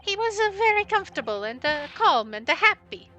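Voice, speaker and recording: A woman's voice: extremely high pitch, sing-song, brisk, bright, forceful tone, soft background music, pitched above the performer's own voice, full character voice. A woman voicing a panicky, whimpering male crook with a put-on Italian accent. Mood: pleading. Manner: whimpering, stammering, pleading.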